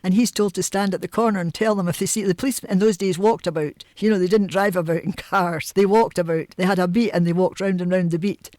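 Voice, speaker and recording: An older woman from Newhaven with a Scottish accent, telling stories from her life in a chatty, animated way and laughing often. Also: on the low side, fast talker, few pauses, no echo, studio quality. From Newhaven, Edinburgh, Scotland. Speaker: oral history interviewee. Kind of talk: reminiscing storytelling.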